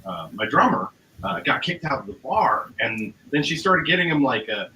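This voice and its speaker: A man's voice: mid-range voice, very animated, moderate pace, sharp tone. A man, a musician guest, telling a story casually in a rambling way, with many fillers and acted-out quotes. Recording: roomy, noisy recording.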